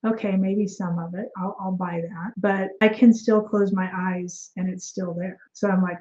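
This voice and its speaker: A woman's voice: lowish voice, flat delivery, moderate pace, hardly any pauses, darkish tone, highs cut off. A woman, a guest energy healer, telling her story in a casual interview and acting out the dialogue as she goes.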